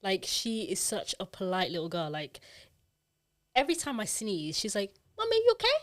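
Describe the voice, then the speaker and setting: A woman, chatting casually as a mother and excitedly quoting her toddler. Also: mid-range voice, moderate pace. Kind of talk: casual chat.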